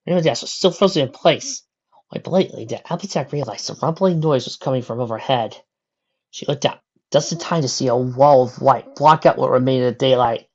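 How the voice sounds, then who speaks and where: Low-voiced woman reading a storybook. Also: a little fast, slightly rough, muffled recording. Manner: steady descriptive narration with occasional slips. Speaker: narrator. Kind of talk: fan fiction audiobook reading.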